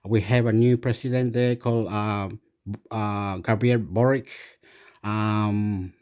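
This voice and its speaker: A man's voice: on the low side, steady tone, slow pace, a little mellow, clean tone. A man from Chile with a Chilean Spanish accent, Spanish his first language, rambling hesitantly with many fillers in a casual monologue as host of his own channel.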